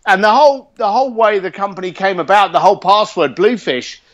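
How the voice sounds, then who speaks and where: A man being interviewed, telling stories in a casual, animated and blunt way, swearing freely. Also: sits high, fairly quick, highs cut off. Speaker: interview guest. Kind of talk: casual storytelling.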